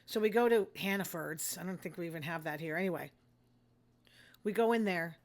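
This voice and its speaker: A woman's voice: lowish voice, fairly quick. An older woman, hosting a casual monologue in a blunt, rambling, self-deprecating way. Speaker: host.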